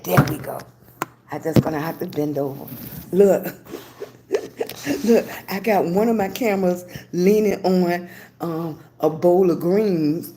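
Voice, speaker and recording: An older woman from Virginia hosts a casual livestream, greeting viewers by name and offering motivational talk. Her voice is lowish with a dark tone, and there's a little hiss or hum.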